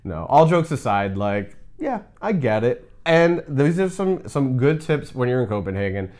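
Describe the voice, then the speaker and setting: A man's voice: mid-range voice, big pitch swings, moderate pace, darkish tone. A man co-hosting a casual reaction chat, joking with a mock-exasperated tone and lots of "like". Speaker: co-host.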